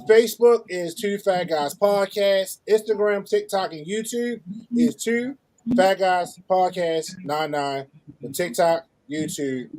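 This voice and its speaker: A man's voice: fairly high pitch, a little mellow. A man with a Baltimore accent co-hosting a podcast, joking and laughing through casual banter and a show sign-off. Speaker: podcast co-host.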